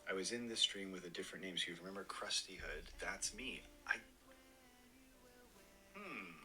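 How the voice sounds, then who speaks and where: Giggly, very bright-voiced male streamer. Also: low-pitched, normal speed, soft background music, low-quality recording. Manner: giggly, animated, chatty. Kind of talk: casual stream chat.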